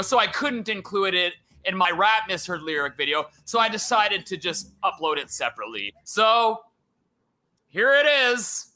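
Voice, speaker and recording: A man's voice: high-pitched, sharp tone. A man reacting comedically to a song clip with hysterical laughter and exaggerated disbelief, heard from a played video. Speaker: YouTuber. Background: music.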